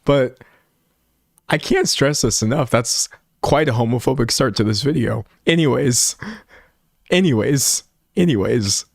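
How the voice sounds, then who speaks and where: A man of middle pitch delivers sarcastic reaction commentary, mocking and loose with slang, often tripping over repeated words. His voice sits close and dry with no room sound. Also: unhurried, vocal fry, long pauses, no room sound. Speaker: commentary host.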